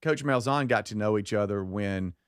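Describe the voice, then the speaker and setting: A man's voice: fairly low pitch, normal speed, smooth, no echo, clean studio sound. A man co-hosting a radio talk show, telling stories and joking in casual banter. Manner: joking, storytelling. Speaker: co-host.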